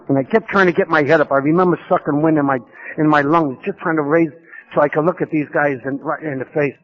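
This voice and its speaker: A man with a somewhat high voice tells his life story to a conference audience. He mocks himself and keeps repeating vivid details. The old tape sounds muffled and dull. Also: steady tone, fast. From New York. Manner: humorous, self-mocking storytelling with vivid repetition. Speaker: speaker sharing his recovery story. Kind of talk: storytelling talk at a recovery conference.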